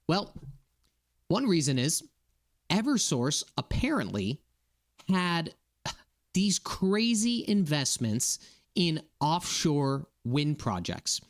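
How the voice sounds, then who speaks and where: Indignant man ranting to viewers. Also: fairly high pitch. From Massachusetts. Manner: indignant, keeps checking in with "okay?" and "right?". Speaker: political commentator. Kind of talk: casual political rant to viewers.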